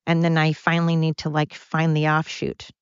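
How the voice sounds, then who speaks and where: A woman's voice: deep voice, completely flat delivery, moderate pace, clear, resonant tone, dry recording, dull audio. A middle-aged woman hosting a confessional solo podcast from home, rambling and apologetic as she talks through her struggles. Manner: rambling, apologetic, openly emotional. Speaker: podcast host.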